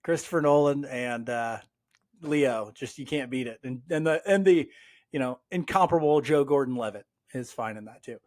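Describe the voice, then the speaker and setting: A man co-hosting a sports podcast, talking in an animated, exasperated way with plenty of fillers. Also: medium pitch, moderate pace. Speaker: podcast co-host. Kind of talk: casual sports chat.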